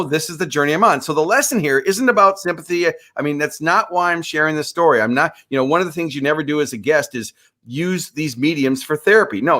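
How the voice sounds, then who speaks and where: A man in his late fifties speaks as a guest, earnest and motivational. He sits a touch higher than most men and often repeats his opening words before a thought lands. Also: sharp tone. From USA, Minneapolis. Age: 50s. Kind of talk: conversational storytelling.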